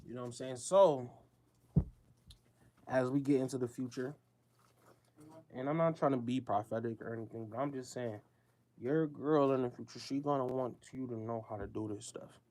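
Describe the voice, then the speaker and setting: A man's voice: mid-range voice, moderate pace, long pauses, a little mellow, a little hiss or hum. Emphatic slangy man talking casually. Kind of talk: casual monologue.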